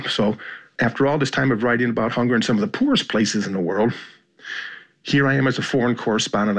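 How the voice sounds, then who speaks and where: A man with an American accent, a journalist and foreign correspondent, speaking thoughtfully in an interview with frequent pauses and restarts. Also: lowish voice, breathy edge. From United States. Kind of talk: reflective interview storytelling.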